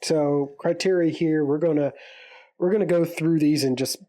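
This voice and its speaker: A man co-hosting a podcast in an easygoing way, laughing often. His voice sits a little high but sounds mellow and relaxed. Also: normal speed. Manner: easygoing, laughs often, stumbles over names. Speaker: podcast co-host. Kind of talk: casual podcast banter.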